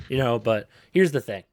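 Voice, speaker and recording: A man's voice: medium pitch, gravelly, a bit bright, breathy edge. A man co-hosting a casual gaming podcast, rambling with lots of fillers and restarts. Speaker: podcast co-host.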